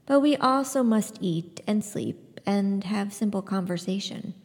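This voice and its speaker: A dignified man speaks softly and without hurry, unbothered by anything around him, as a woman reading aloud gives him voice. His lines come quieter and slightly lower than the narration. A long hall reverb trails each phrase. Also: expressive. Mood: gentle. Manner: gentle, measured and soft. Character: calm, dignified older male executioner.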